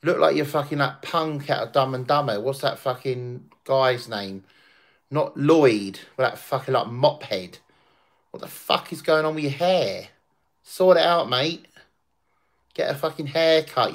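Brash streamer, loud, profane, mid-pitched. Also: male voice, measured pace. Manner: crude, swearing, boisterous and laughing. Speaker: livestream host. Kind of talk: casual livestream chat.

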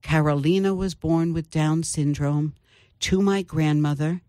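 An older woman, an author, telling her family story in an interview with thoughtful pauses. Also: deep voice, steady tone, mellow, no room sound, studio quality. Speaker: author guest. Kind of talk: interview conversation.

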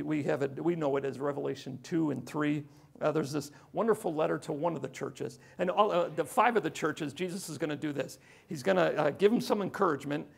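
A man preaching a sermon as pastor, conversational, swinging from loud emphasis to hushed tones. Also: on the high side, vocal fry, slightly rough.

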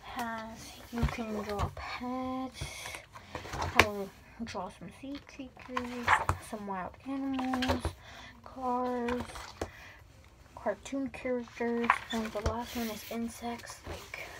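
A rambling woman vlogger in casual chat, her voice sitting a little high and often sinking into a breathy whisper. She corrects herself as she goes. The home recording carries a clear bed of background noise. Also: steady tone, slow pace. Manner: drifts in and out of whispering; rambling, with frequent fillers and self-corrections. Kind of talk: casual closet tour chat.

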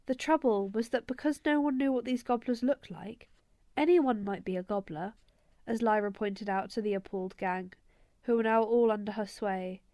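A woman reading a novel aloud as an audiobook in a steady storytelling manner. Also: a little high, no room sound. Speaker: audiobook reader. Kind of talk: audiobook narration.

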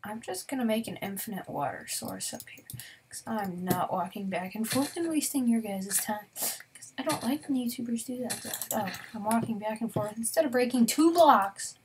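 A young woman giving casual let's-play commentary in a slightly high voice, chatting straight to her viewers. She often slips into a near whisper mid-sentence. A faint hiss sits under the voice. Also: normal speed. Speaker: gaming YouTuber.

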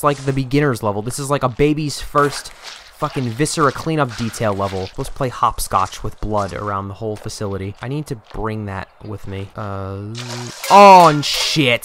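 Man, gameplay commentary, crisp bright tone, foul-mouthed, exasperated, faint background noise. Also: medium pitch. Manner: profane, exasperated running commentary; jokey, talks to the game character. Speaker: gaming channel host.

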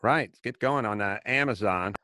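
A man's voice: fairly low pitch, normal speed, sharp tone, a little hiss or hum. A man hosting a podcast in casual chat, blunt and opinionated with an offhand delivery. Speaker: podcast host.

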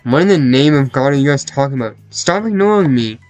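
A man voicing an angry young female classmate who demands to be heard, in a sharp, raised voice, over faint music. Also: mid-range voice, animated, quick pace, close to an everyday voice, low-quality recording. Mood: annoyed. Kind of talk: visual novel voice acting.

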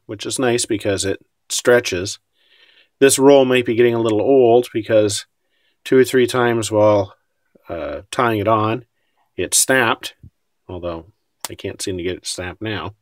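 A man's voice: fairly low pitch, measured pace, long pauses, no room sound. A man casually talking through his scale model build, wry and self-deprecating about his mistakes.

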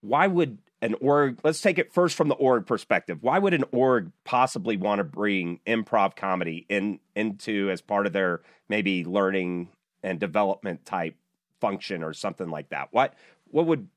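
A man's voice: on the low side, moderate pace, no echo. A man hosting a podcast, asking long, rambling questions in a friendly, upbeat way. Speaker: podcast host. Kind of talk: conversational interview.

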